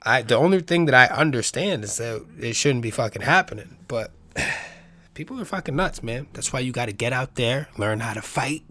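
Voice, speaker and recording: Guy ranting casual, lots of swearing, trips over his words, mid pitch. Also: expressive, moderate pace, pushed and bright, no room sound. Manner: profane, rambling, restarts often. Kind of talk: casual rant.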